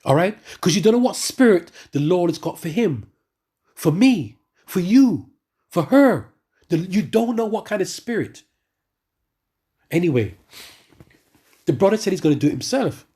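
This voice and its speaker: Husky guy telling his testimony, rambly and animated, keeps breaking off mid sentence. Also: high-pitched, normal speed, pauses often. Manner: animated storytelling with many asides and restarts. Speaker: church member giving testimony. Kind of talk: spoken religious testimony.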